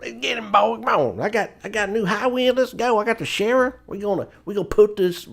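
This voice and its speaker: A man's voice: sits high, animated, brisk, gravelly, voice pushed up, exaggerated voice. A man hamming up a rowdy hillbilly pilot with a thick Southern drawl. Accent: exaggerated Southern US drawl. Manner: whooping, crude, hollering.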